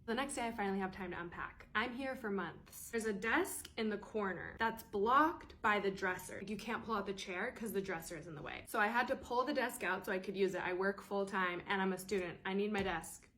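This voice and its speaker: A woman in her late twenties telling a personal story in a casual, animated and exasperated way. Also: medium pitch. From United States. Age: late 20s. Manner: animated, exasperated, quick retelling. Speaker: storyteller vlogger.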